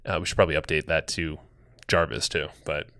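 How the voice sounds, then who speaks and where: A man's voice: a bass voice, level tone, fairly quick, fairly bright tone. A man co-hosting a podcast in casual chat, rambling loosely with restarts and fillers. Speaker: podcast co-host.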